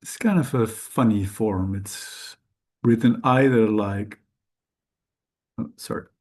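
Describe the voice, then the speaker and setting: A man whose first language is Dutch, teaching Sanskrit letters in a slow, careful lesson, hesitant and correcting himself often. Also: lowish voice, a little mellow. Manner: hesitant, halting, with frequent self-corrections.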